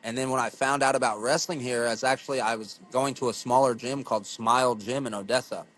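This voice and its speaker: A man in his thirties from the United States, a guest on a casual podcast interview, telling stories in an excitable, profane way. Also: medium pitch, brisk, poor audio. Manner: profane, excitable storytelling with acted-out quotes. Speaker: podcast guest, pro wrestler.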